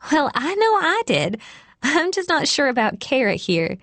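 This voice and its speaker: A woman's voice: high voice, very animated, unhurried, fairly bright tone, dry recording, voice pushed up, exaggerated voice. A woman reading an audiobook voices a worried, chatty young woman missing her boyfriend. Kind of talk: audiobook character voice.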